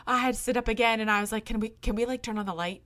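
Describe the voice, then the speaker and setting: Bright-voiced woman telling a story. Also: fairly high pitch, fairly even intonation, rapid-fire. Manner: rambling, laughs through the story. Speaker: podcast co-host. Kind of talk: casual storytelling chat.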